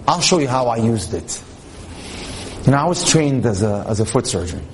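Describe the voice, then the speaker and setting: A man's voice: medium pitch, big pitch swings, normal speed, long pauses. Male religious lecturer, mid-range voice, tells stories and translates from Hebrew. Slight background noise. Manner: storytelling, translating Hebrew quotes into English; mixes Hebrew terms into English speech. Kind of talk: inspirational Torah talk.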